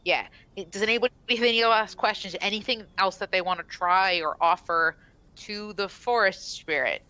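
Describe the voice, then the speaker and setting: A woman's voice: mid-range voice, normal speed, sharp tone, clean tone, poor audio. A woman narrating as game master of a tabletop game, rambling with frequent restarts.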